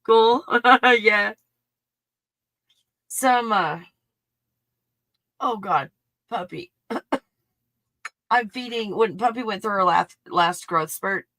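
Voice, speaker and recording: A woman's voice: medium pitch, slow pace, long pauses, fairly bright tone, no echo. A woman hosting a livestream, chatting casually and laughing as she rambles about her puppy. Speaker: livestream host. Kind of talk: casual chat.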